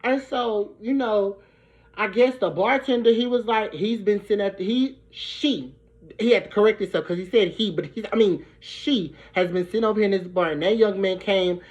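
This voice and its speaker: A young woman from Brooklyn, telling a profane, animated storytime. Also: mid-range voice, moderate pace. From Brooklyn, New York. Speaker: vlogger. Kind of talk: storytime vlog. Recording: dull lo-fi recording.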